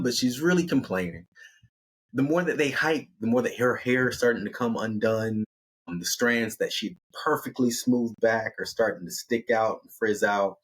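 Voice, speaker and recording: A man narrating a story in a relaxed, conversational style, his voice mid-pitched with a husky grain. He keeps it lively and casual, slipping into the characters as he goes. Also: moderate pace. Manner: conversational, animated, acts out characters.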